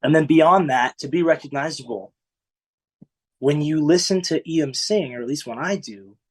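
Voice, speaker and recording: A man's voice: a little high, husky. Earnest young man in his twenties. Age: 20s. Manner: earnest, halting, emotional, casual with many fillers. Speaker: podcast guest, former singing contestant. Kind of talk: emotional interview recollection.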